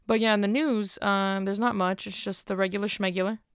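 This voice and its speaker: Young woman solo podcast host, rambling and self-deprecating, gravelly but smooth voice, dry close sound. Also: mid-range voice, steady tone, brisk, no echo. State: cold, stuttering a little. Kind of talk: casual solo podcast chat.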